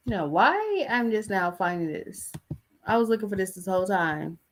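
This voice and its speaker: A woman's voice: mid-range voice, sing-song, moderate pace. A woman hosting a casual gossip talk show, chatty and rambling as she searches for things while talking. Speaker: podcast host.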